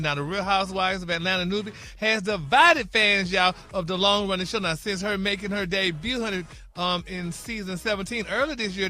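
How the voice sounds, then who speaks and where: A man hosting a celebrity gossip segment on morning radio. He is chatty and opinionated, and he calls everyone "honey," "baby" and "y'all.". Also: sits high. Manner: animated, opinionated, bickers with co-hosts.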